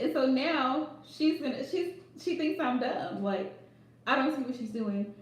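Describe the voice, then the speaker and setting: A woman's voice: high-pitched, expressive, a little slow. A woman tarot reader chatting casually on a livestream, sarcastic and laughing often. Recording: echoey room, distant mic.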